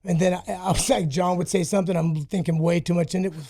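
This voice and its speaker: A man's voice: high voice, fairly even intonation, quick pace, mellow. A man telling rambling, profane stories about himself in a casual podcast interview. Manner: profane, rambling, self-mocking. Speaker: guest, former fighter.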